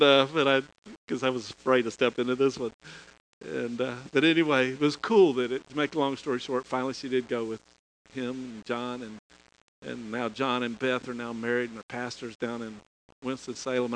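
A man's voice: medium pitch, steady tone, brisk, fairly bright tone, slight background noise, rough recording. A middle-aged man preaching a storytelling sermon in a folksy way, chuckling and restarting phrases. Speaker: pastor.

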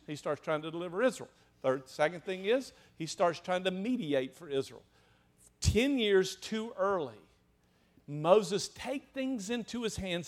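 Man preaching to a small group; high-pitched, animated delivery that drops to a hush, then climbs into loud calls. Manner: animated, swings from hushed to loud exclamations.

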